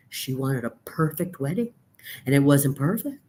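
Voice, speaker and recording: A woman's voice: rumbling low, lively intonation, moderate pace, warm tone. A woman in her fifties, depressed and weary, talking in a profane, rambling, bleak monologue to her camera. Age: 50s. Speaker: vlogger.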